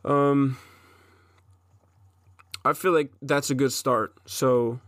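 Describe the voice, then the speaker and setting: A man in his twenties, with a mid-range, fairly bright voice, hosts a solo podcast monologue that's intense and profane, and he often restarts his sentences. The recording is clean studio sound with no echo.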